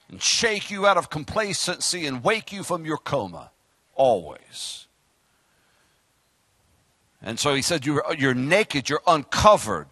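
A male pastor with a Southern US accent, preaching a fiery sermon and swinging from loud outbursts to quiet asides. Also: on the high side, sing-song, slow, pauses often, no echo. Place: church sanctuary.

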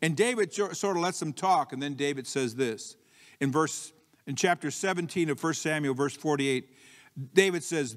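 Storytelling pastor in a reverberant church. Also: male voice, animated, moderate pace. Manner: storytelling, acts out bold defiant quotes with rising pitch; frequent restarts and "you know" asides, conversational. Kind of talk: sermon. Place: church sanctuary. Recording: long reverb of a church hall.

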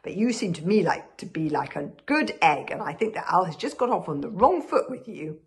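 A woman's voice: fairly low pitch, sing-song, normal speed. A woman voicing a big, sheepish, good-hearted male bodyguard who talks in an earnest, rambling way.

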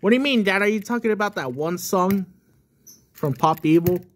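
Man doing a jittery young son, high voice, stammers, scared of tight spaces. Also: expressive, normal speed. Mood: puzzled. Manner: anxious, stammering restarts.

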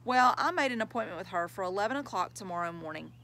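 A woman reading aloud, voicing a patient, firm mother who asks calm questions. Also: medium pitch, fast.

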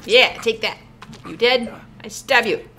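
A woman's voice: a little high, a little slow, a little hiss or hum. A young woman chatting casually and giggling a lot while playing a survival game with friends. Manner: giggly, excitable, laughs a lot. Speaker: let's-play gamer. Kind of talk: casual gameplay chat.

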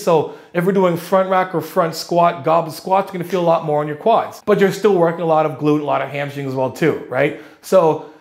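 A man coaching fitness in casual commentary, talking energetically with slang and thinking aloud. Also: on the high side.

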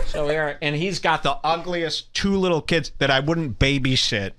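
A man's voice: fairly high pitch, moderate pace, pushed and bright, a little hiss or hum. A man hosting a podcast, ranting in a casual, abrasive and profane way to his cohost. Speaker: podcast host.

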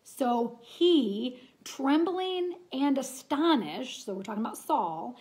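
A woman's voice: sits high, expressive, takes it slowly, hardly any pauses, darkish tone. A woman teaching a casual Bible study lesson, talking in an earnest, chatty way and reading scripture aloud.

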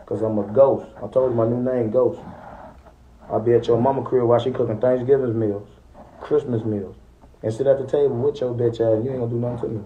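A man's voice: mid-range voice, fairly even intonation, a little fast, phone-quality sound, a little hiss or hum. A young man in a boastful, threatening trash-talking rant aimed at rivals. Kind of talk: taunting rant to viewers.

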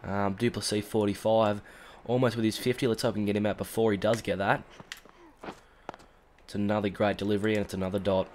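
Congested Australian gamer, low voice. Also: male voice, fairly quick, pauses often, slight background noise. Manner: chatty, rambling with fillers, bursts into excited shouts at big moments. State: congested with a cold. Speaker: gaming YouTuber. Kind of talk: casual let's-play commentary.

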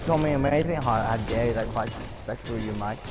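A man's voice: mid-range voice, fast talker. A man in game voice chat, teasing along in mock Australian slang. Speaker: fellow player in voice chat. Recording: loud background noise over voice chat.

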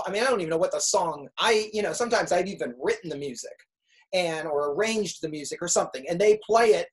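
Speaking with a fairly high pitch, a middle-aged music teacher chats casually with students, spinning stories and mimicking what children say. The audio quality is poor.

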